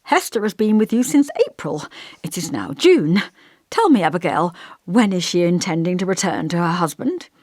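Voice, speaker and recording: Woman voicing a gentle, fussy old-fashioned vicar. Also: lowish voice, expressive, normal speed, dry recording, clean studio sound. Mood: earnest. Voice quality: gentle, scholarly voice. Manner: kindly, hesitant, over-polite. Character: gentle, fussy, scholarly male village vicar. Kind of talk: audiobook character voice.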